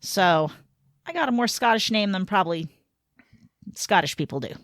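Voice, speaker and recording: A woman's voice: mid-range voice, lively intonation, dry recording, clean studio sound. Chatty middle-aged woman co-host. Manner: chatty, reacts with quick asides. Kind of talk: casual podcast chat.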